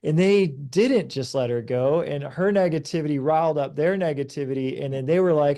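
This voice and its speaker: A man in his thirties, a podcast guest, talking earnestly and telling stories in a relaxed conversation. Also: fairly high pitch, moderate pace, hardly any pauses. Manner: earnest, storytelling, animated when recounting events. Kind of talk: conversational advice talk.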